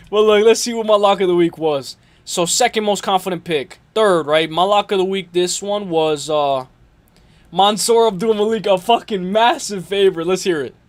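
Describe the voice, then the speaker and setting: A man with a high voice chats loosely on a live stream about fight picks. His talk rambles and circles back on itself, full of fillers and restarts. He sounds like a regular stream host talking straight to his viewers. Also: moderate pace. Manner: rambling, filler-heavy, says dude a lot.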